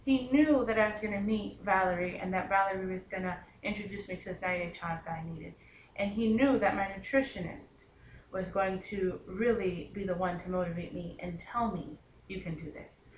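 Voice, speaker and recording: A woman in her twenties giving an earnest personal testimony, pausing often with ums and restarting her sentences. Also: medium pitch. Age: 20s. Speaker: testimonial speaker. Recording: roomy with faint background hiss.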